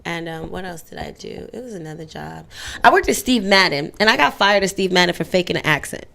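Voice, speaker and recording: Low gravelly young woman telling stories. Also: lively intonation, brisk, fairly bright tone. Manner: candid, storytelling with playful voices. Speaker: interview guest. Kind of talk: casual interview chat.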